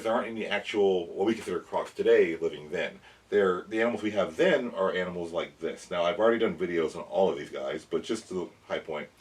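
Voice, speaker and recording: A man hosting a casual toy review and science explainer for kids, chatty and rambling, often correcting himself. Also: sits low. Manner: addresses kids. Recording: voice a bit far from the mic, faint background noise.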